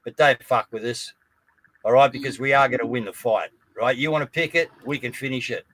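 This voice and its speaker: A man's voice: mid-range voice, a little fast, a bit bright. An Australian man hosting a live online news show, rallying his listeners and often checking in with "guys, all right?". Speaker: host.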